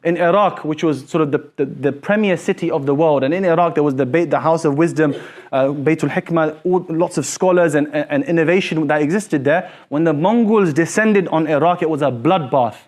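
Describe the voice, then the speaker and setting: Animated, high-voiced male teacher. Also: brisk. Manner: animated, questioning, repeats phrases. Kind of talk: classroom lecture with questions. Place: classroom.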